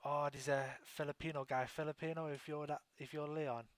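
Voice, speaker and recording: A man's voice: fairly high pitch, level tone, a little fast, no echo. A man hosting a casual internet radio chat show, rambling with lots of restarts. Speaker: talk show host.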